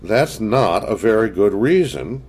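A tense, sharp-tongued suburban mother, as a male reader puts her on, her clipped questions pitched a little above his own voice. She speaks tightly, with a lively rise and fall. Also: unhurried, slightly rough. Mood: questioning.

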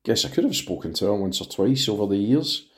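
An offhand man under police questioning, cocky and evasive, brushing questions aside in a low voice, as the narrator reads him. It comes across as an audiobook reading. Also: expressive, brisk, natural voice.

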